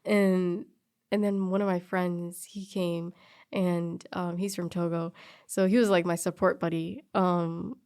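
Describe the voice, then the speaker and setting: A woman's voice: fairly low pitch, measured pace, clear, resonant tone. A young woman telling a personal story in casual chat, acting out the people she quotes. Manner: animated storyteller who acts out quoted people.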